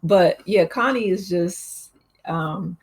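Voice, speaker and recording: A woman's voice: on the low side, slow pace, breathy edge. A woman hosting her own channel, giving a casual, chatty movie recap with frequent laughs and fillers. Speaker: channel host.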